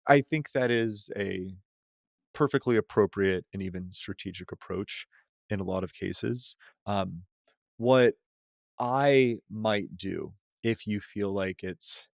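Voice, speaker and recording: Man, low voice, therapist guest, rambling podcast chat, many restarts, dry close sound. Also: creaky, dry recording. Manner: loose and rambling, heavy use of "like" and restarts, laughs easily. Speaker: psychotherapist guest. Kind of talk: podcast conversation.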